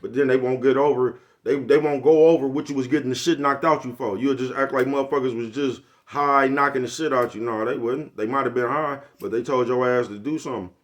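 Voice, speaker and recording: A man's voice: mid-range voice, fairly even intonation, a little fast, few pauses. An older man, giving a blunt, preachy, profane motivational monologue to his viewers. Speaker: vlogger.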